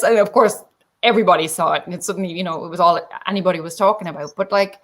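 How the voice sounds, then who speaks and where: Animated woman on a video call. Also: medium pitch, fast talker. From Ireland. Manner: animated, with lively acted-out quotes. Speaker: guest. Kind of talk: casual conversation.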